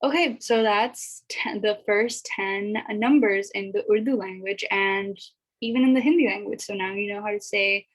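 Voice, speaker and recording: A woman giving a casual spoken language lesson, chatty and repeating each sound slowly for learners to copy. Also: medium pitch, low-quality recording. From America. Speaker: language teacher.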